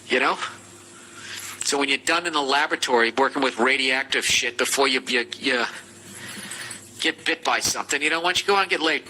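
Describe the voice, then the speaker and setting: A man's voice: mid-range voice, sharp tone, slight background noise, poor audio. A man with a Boston accent hosting a podcast, ranting comically as he answers listener letters with profane, sarcastic advice. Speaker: podcast host giving advice. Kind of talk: comedic podcast rant.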